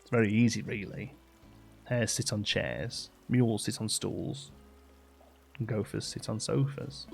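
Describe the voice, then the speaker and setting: Man as a know-it-all storybook cat, soft and slow, a bit deadpan. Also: lowish voice, vocal fry, faint music behind. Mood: patiently explaining. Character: bossy picture-book cat, explaining rules. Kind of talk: reading a children's rhyming book aloud.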